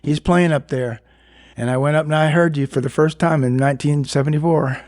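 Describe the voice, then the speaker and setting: A man's voice: on the high side, steady tone, a little fast, a little mellow. A man from Lexington, Kentucky, a guest musician, chatting about his career and laughing often. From Lexington, Kentucky, USA. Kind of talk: casual interview.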